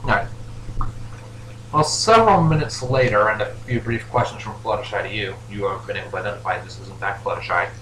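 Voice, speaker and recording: A man's voice: fairly low pitch, fairly quick, fairly bright tone. Male game master, rambling narration, roomy echo with faint hiss. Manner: rambling, filler-heavy narration. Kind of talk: narrating a tabletop role-play. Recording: echoey room with faint noise.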